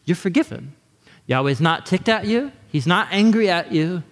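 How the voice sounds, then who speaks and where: A man delivers a sermon in a loose, animated, conversational way. His voice sits somewhat high for a man. The sound carries a long reverb, as if from a large hall. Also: normal speed. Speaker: pastor.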